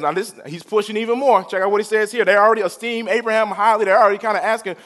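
A male pastor preaching a sermon, drawing out the crowd with call-and-response and swinging from quiet to loud. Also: high-pitched, fairly even intonation, very fast, hardly any pauses.

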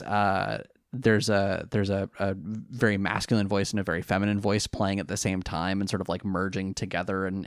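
Man, podcast co-host, casual rambling recap, dry close recording. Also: no room sound. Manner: rambling, hesitant recap that jumps up in pitch on excited questions. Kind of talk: casual chat.

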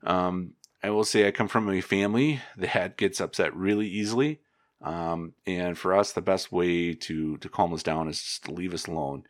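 A man, an agronomist, giving casual advice in a relaxed, rambling way, with many fillers and restarts. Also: deep voice, moderate pace, no echo, studio quality.

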